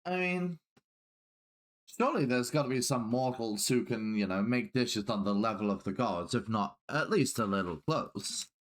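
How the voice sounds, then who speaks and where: A man in casual tabletop role-play, playful and quick to laugh. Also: medium pitch. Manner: playful, laughs often, animated. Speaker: player.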